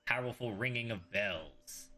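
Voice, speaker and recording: A man's voice: fairly low pitch, measured pace, a crowd in the background. A man acting as game master, explaining rules and narrating scenes in a loose, conversational way.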